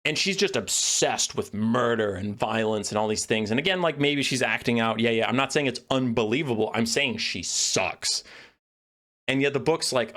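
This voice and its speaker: A man giving an animated, profane and sarcastic lore rant as a video creator. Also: mid-range voice, moderate pace.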